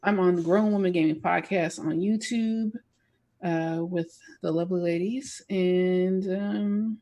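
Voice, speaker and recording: A woman's voice: fairly low pitch, fairly even intonation, a little slow, warm tone. A woman co-hosting a gaming podcast, chatting casually in a teasing, matter-of-fact way. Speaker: podcast co-host. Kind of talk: casual chat.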